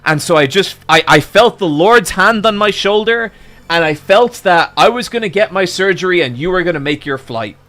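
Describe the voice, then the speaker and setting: Man, streamer, animated storytelling, profane, exasperated, high-ish bright voice. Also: normal speed. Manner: profane, exasperated, building to loud outbursts. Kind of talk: animated storytelling to a live chat.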